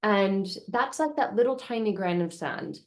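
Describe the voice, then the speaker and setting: A woman hosting a self-help talk, speaking earnestly and slowing down to stress key words. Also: medium pitch. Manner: earnest, repetitive, slows down for emphasis. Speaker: self-help video host. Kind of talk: emotional storytelling monologue.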